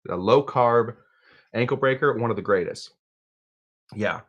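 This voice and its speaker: A man in mid pitch hosts a live cocktail show and chats loosely to his viewers. He rambles from one topic to the next and stops to read out their comments. His delivery is loose, jokey and unscripted. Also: unhurried, fairly bright tone, highs cut off. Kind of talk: casual live-stream chat.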